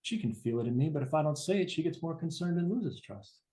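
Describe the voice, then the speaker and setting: A man's voice: on the high side, expressive, fast, dark tone. A man teaching about relationships in an earnest, emphatic way, sharing his own story and swearing casually. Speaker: relationship coach. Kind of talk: personal teaching talk.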